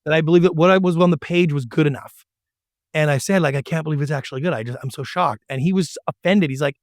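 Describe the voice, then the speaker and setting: A middle-aged man with a fairly high voice tells his story in an animated way. He jumps into little voices to act out emails and phone calls. The sound is close and dry. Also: quick pace, no echo. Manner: animated storyteller who acts out quotes. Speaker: guest, former TV producer. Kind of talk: storytelling interview.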